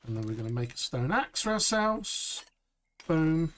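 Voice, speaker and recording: A man streaming a survival game live, chatty and upbeat, saying "boom" as he works. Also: big pitch swings, moderate pace, pushed and bright. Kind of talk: live gameplay commentary.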